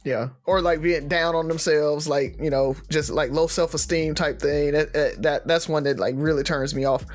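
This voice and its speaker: A man's voice: on the high side, fairly even intonation, moderate pace, few pauses, soft background music. A man co-hosting a podcast, talking casually and rambling with frequent restarts. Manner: rambling, hesitant with many restarts. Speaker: podcast co-host. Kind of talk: casual chat.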